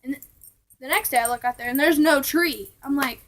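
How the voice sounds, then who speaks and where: A young woman casually telling ghost stories to her vlog viewers, chatty and animated, now and then dropping to a hushed aside. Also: high-pitched, fairly quick, a little hiss or hum, poor audio. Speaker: vlogger.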